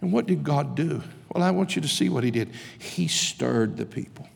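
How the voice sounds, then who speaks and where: A man's voice: a little high, expressive, moderate pace, gravelly, breathy edge. A man preaching a sermon in an impassioned, emphatic way, recorded in a large chapel. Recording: reverberant hall.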